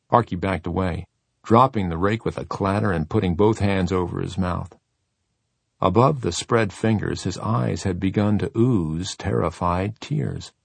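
A man narrating a horror audiobook in a measured, deliberate way. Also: sits low, creaky, husky, no room sound.

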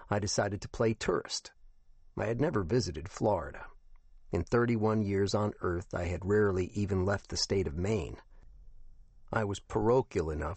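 Low-voiced man narrating an audiobook. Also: a little mellow, slightly rough, no room sound. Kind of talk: first-person scripted narration.

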